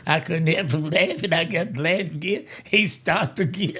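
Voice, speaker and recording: A man in his eighties, a grandfather, telling a family story in a lively way, laughing as he goes and acting out the quotes. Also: a little high, normal speed, hardly any pauses, husky. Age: 80s. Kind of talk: casual storytelling.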